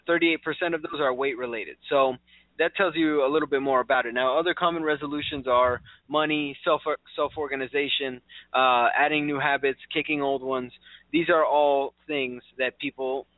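A man's voice: mid-range voice, steady tone, normal speed, no room sound. A man hosting a radio talk show in a casual, chatty way, laughing easily and quizzing his co-host. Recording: tinny phone-like sound.

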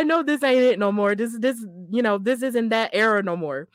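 A woman hosting a podcast, casually recapping a wrestling match in a chatty, excitable way and laughing often. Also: a little high, moderate pace, few pauses, smooth, no echo, clean studio sound. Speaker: podcast host.

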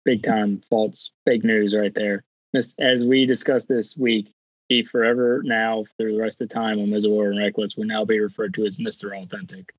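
A man's voice: fairly low pitch, flat delivery, moderate pace, no echo, muffled recording. A man co-hosting a sports podcast, talking casually with a teasing manner. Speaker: podcast co-host.

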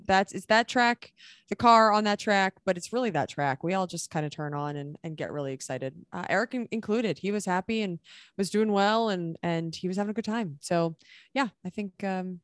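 A woman co-hosting a casual podcast chat in a relaxed way, often trailing off. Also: medium pitch, no room sound. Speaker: podcast co-host.

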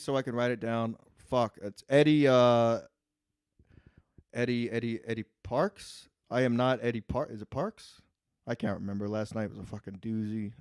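A man hosting a podcast solo, reading the live chat and ranting with lots of swearing, swinging from muttering to yelling. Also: medium pitch, clear, resonant tone, no room sound, clean studio sound. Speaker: podcast host. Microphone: podcast microphone.

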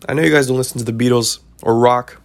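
A man's voice: mid-range voice, steady tone, fast talker. A man hosting a podcast, talking casually and preachily about life lessons, repeating himself and checking in with "right?". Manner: preachy, repetitive, keeps asking "right?". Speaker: podcast host. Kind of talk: casual advice monologue.

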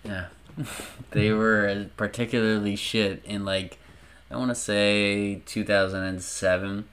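A man talking as a podcast guest, rambling and animated, swearing freely. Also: fairly low pitch, takes it slowly, slight background noise. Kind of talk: casual chat.

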